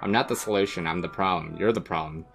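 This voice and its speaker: A man's voice: low voice, fast, vocal fry, a bit bright, a little hiss or hum. A man voicing a cruel, contemptuous young woman on a blind date, reading game dialogue aloud in a cold, relentless way. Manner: cold, cutting, relentless insults.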